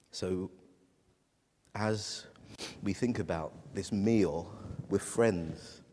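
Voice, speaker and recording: Low-voiced guy preaching, halting and emotional, big church reverb, bit of background hiss. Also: darkish tone. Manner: halting, emotional personal storytelling. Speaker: pastor. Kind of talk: sermon.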